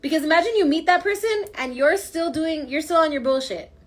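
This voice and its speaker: A woman's voice: sits high, fairly quick, a little hiss or hum. A woman giving a casual spoken tarot reading, emphatic and slangy, coaching her listeners. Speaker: tarot reader.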